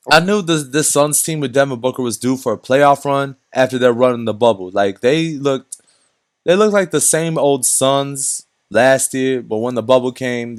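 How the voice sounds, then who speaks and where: A man's voice: mid-range voice, dry recording, studio quality. A young man giving unscripted, casual basketball commentary for his vlog, rambling, restarting sentences and using lots of slang. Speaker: basketball vlogger.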